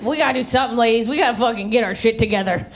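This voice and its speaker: A woman's voice: a little high, racing, a crowd in the background. A woman from the American South doing a brash, profane stand-up set into a handheld mic on stage. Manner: brash, profane, animated storytelling. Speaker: stand-up comedian. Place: theater stage.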